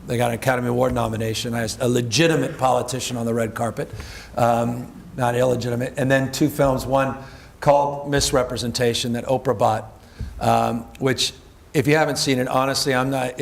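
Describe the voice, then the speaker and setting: A middle-aged man on stage, a political candidate talking in a quick, joking, emphatic way. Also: medium pitch, flat delivery, vocal fry, slight background noise. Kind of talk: casual onstage conversation.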